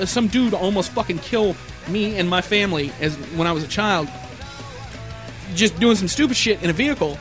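Guy with a pretty high voice going off on a sweary rambling rant, kinda tired, faint music behind. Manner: rambling, heavy swearing, animated asides. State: tired, yawning. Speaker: storyteller. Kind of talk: profane storytelling rant.

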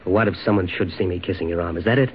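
A man's voice: sits low, racing, close to an everyday voice. An actor playing an ardent, insistent young man in 1940s radio drama, with an earnest, persuasive delivery. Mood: tender. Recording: dull old radio recording with faint hiss.

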